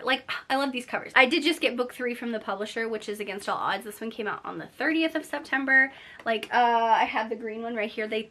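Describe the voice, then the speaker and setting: Chatty young woman, bright voice. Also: a little high. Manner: chatty and gushing, lots of "like" fillers. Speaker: book vlogger. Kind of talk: casual chat to camera. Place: at home, indoors, at night.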